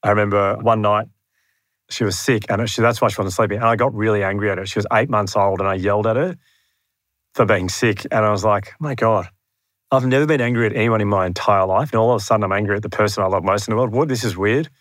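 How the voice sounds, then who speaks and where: Aussie guy on a podcast, low voice, dead dry room, earnest and a bit self-deprecating, tells it like a story. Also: quick pace, fairly bright tone, no room sound. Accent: Australian. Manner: earnest, self-deprecating, acts out his own past thoughts. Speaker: podcast guest. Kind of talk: candid storytelling in conversation. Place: room near his home.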